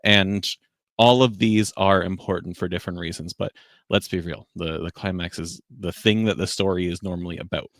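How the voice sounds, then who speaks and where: A man's voice: low voice, fairly even intonation, moderate pace, fairly bright tone, no echo, clean studio sound. A man hosting a casual live-stream chat, talking readily and laughing often. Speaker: host.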